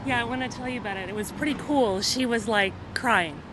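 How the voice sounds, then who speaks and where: Woman storyteller, animated and slightly high, recorded outside in clear traffic noise. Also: fairly quick. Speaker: supporter recounting a conversation. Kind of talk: casual storytelling. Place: outdoors on a city street.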